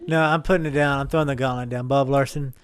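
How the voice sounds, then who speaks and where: A man's voice: mid-range voice, steady tone, quick pace, clear, resonant tone, no room sound. A man chatting on a podcast, recorded close and dry with no room sound. He drops short joking lines into the conversation. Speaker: podcast co-host. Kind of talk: casual chat.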